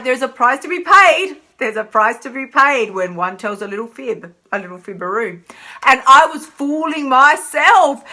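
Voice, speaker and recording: A woman's voice: high voice, sharp tone. A middle-aged woman, a weight-loss coach hosting a live stream, talking in a playful, emphatic way and repeating phrases for effect. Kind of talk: live-stream motivational talk.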